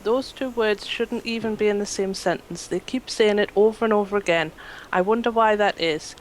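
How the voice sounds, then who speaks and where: A woman reading out viewer comments on a casual panel show, brisk and lightly amused. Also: medium pitch, slight background noise, rough recording. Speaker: chat reader.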